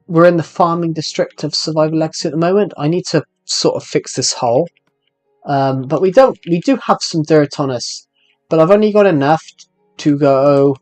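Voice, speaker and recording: A man's voice: a little high, darkish tone. A man streaming a game live, talking in a rambling, hesitant way with lots of fillers.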